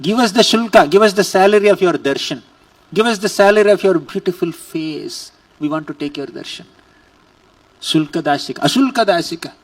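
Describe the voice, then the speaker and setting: A man's voice: sits high, brisk, far from the mic. A man voicing devoted young village women reproaching their god in a pleading tone, within a scripture lecture. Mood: reproachful.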